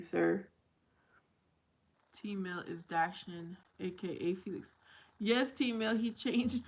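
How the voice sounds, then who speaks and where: A woman's voice: mid-range voice, low-quality recording. A woman hosting a casual livestream from her kitchen while washing dishes, reading viewer comments aloud and laughing often. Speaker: livestream host.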